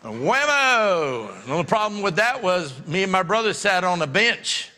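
A man's voice: high voice, very animated, moderate pace, pushed and bright. A middle-aged man preaching a sermon as pastor, telling folksy stories and laughing often. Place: church sanctuary. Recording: long hall reverb.

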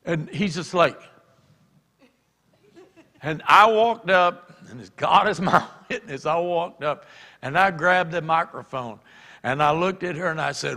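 A man preaching a sermon, telling stories and acting out shouted quotes. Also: a little high, unhurried. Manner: animated, acts out shouted quotes. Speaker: pastor. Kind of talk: sermon storytelling. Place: church. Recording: church hall reverb.

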